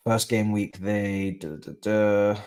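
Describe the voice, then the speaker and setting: A man's voice: on the low side, fairly even intonation, slow, darkish tone. A young man, commentating casually on a live football watchalong and chatting to his viewers in slang. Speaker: watchalong streamer.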